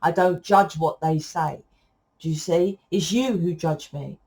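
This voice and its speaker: A woman, a tarot reader talking to viewers in a loud, rambling, casual spiritual monologue that keeps correcting itself. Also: on the low side, unhurried.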